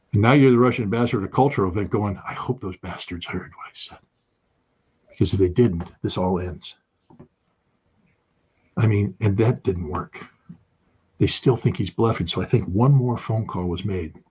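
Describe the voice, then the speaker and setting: A man's voice: on the low side, a little mellow, husky. A man giving impassioned political commentary, emphatic and rising to urgent outbursts. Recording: dull lo-fi sound.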